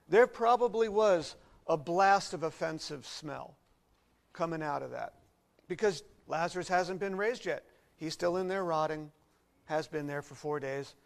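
A high-voiced man preaches a sermon, earnest and expressive, sinking into quiet reflection and then rising to loud emphasis. The recording is low quality.

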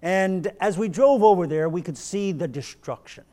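High-voiced man preaching a sermon. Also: warm tone. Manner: slow, emphatic delivery with rhetorical questions.

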